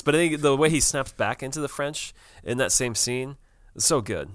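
A man's voice: medium pitch, moderate pace, no echo. A man co-hosting a casual TV recap chat, talking loosely with many fillers and laughs. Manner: chatty, laughs often, many fillers and restarts. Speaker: podcast co-host.

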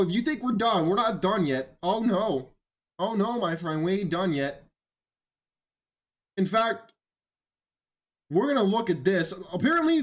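Mocking man reacting to clips. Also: sits high. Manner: mocking, incredulous, emphatic. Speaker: reaction commentator. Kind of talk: reaction commentary.

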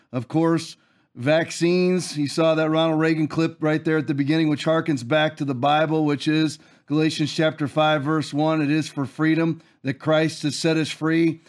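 Fiery high-voiced male preacher-host. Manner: preachy, forceful, repeats phrases for emphasis. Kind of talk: fiery political commentary with scripture.

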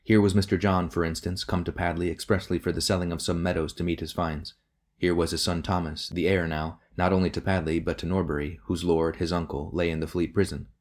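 A man narrating a novel as an audiobook in a measured, steady reading. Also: low voice.

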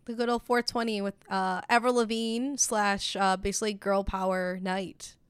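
A woman's voice: mid-range voice, flat delivery, normal speed, clean tone, no echo. A woman co-hosting a podcast in casual chat, playful and teasing. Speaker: podcast co-host.

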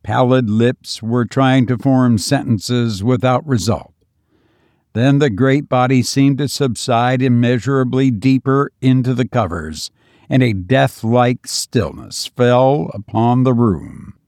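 A man reading a story aloud in measured, solemn scripted narration. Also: medium pitch, darkish tone, no room sound, studio quality. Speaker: audiobook narrator.

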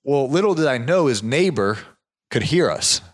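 Speaking at normal speed with an ordinary-pitched voice, this southeastern US man, who owns a property management business, casually rambles through a story. He keeps restarting sentences and padding them with fillers, and he becomes animated each time he quotes others.

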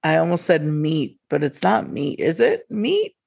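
A woman's voice: low-pitched, huge pitch swings, a little slow, gravelly, a little mellow, slightly rough. A woman, co-hosting a podcast, telling a story in a rambling way full of fillers. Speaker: podcast co-host. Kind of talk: casual chat.

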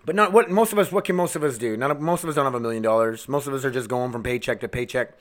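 A man hosting a solo podcast, ranting angrily with constant swearing, swinging between shouted outbursts and low mutters. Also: very fast. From United States. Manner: angry, swearing constantly, heated. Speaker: podcast host.

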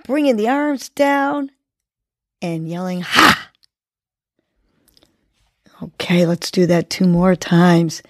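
Slow, encouraging woman leading breathing. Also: mid-range voice, a little mellow, no room sound. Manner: encouraging, coaching listeners step by step. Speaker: podcast host. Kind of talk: guided breathing and motivational talk.

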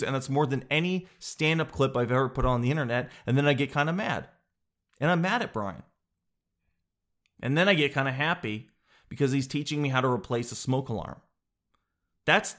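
A man's voice: mid-range voice, a bit bright. A man who hosts a podcast and does stand-up comedy. He talks in a casual, rambling, joking way and swears now and then. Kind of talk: casual solo podcast chat.

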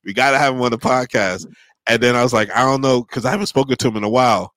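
A man's voice: medium pitch, fast talker, no echo. A man in his forties with a New York accent, hosting a podcast in casual chat and animatedly acting out the voices in his stories. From grew up in New York. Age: 40s. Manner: animated storyteller, acts out quoted voices. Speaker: podcast host.

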